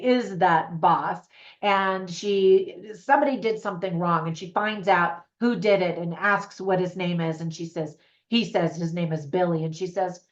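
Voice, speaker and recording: An American woman chatting casually as a movie reviewer, upbeat and talking straight to her viewers. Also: lowish voice. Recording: roomy echo, slightly dull sound.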